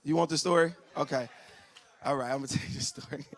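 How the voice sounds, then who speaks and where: A man doing stand-up comedy on a church stage, telling family stories and acting out relatives in loud, high voices. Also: quick pace. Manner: animated storyteller who acts out family members in loud high voices. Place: church stage before a live audience.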